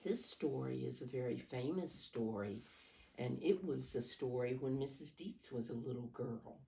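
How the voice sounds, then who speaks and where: At normal speed, an older woman reads picture books to small children in an extremely low, creaky, mellow voice full of expression. She coaxes them in a teacher-like way, counts along, and asks questions, while the far-off mic picks up roomy echo and a faint hum.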